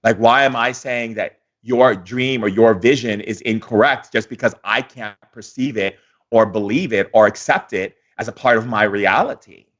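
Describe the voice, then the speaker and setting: A man's voice: lowish voice, normal speed, a bit bright, lo-fi sound, voice pushed down. A man voicing a skeptical, blunt male friend who questions him dismissively. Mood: won over.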